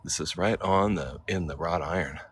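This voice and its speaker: Man, low bright voice, casual chatty vlogger greeting viewers on a phone stream. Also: normal speed, slight background noise. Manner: chatty, reads names aloud, greets viewers. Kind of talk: casual livestream walk-and-talk. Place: outdoor cemetery.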